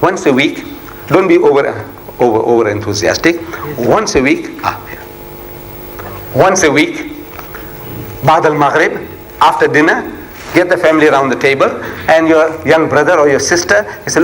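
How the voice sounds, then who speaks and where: An older man from South Africa delivers a fervent religious lecture, his fairly high voice climbing to emphatic peaks as he fires rhetorical questions at the crowd. A faint hum runs beneath the recording. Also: a bit bright, poor audio. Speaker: Islamic preacher.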